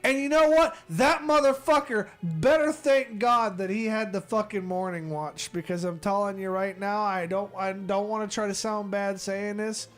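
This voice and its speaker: High-voiced man ranting a profane story. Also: moderate pace, few pauses, soft background music. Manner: profane, animated, exasperated storyteller. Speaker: streamer.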